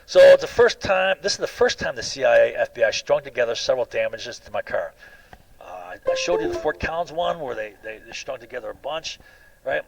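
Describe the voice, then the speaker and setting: Male monologue vlogger, mid pitch with a rough, creaky edge, aggrieved and repetitive, many restarts. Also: lively intonation, fairly quick, low-quality recording. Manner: aggrieved, keeps asking "right?". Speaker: video blogger. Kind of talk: rambling personal monologue.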